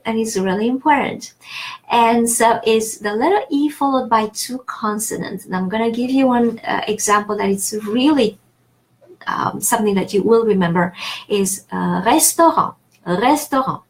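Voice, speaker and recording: Chatty encouraging woman tutoring French. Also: fairly high pitch. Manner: chatty and encouraging, many fillers and restarts. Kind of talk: online language lesson.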